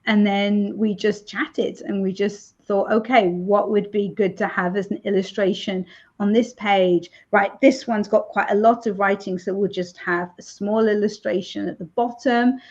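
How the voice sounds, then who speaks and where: A woman's voice: medium pitch, fairly even intonation, measured pace, a little mellow. Woman author chatting away, lots of ums and laughs, kinda dull lo-fi sound. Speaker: romance author, interview guest. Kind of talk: casual interview chat.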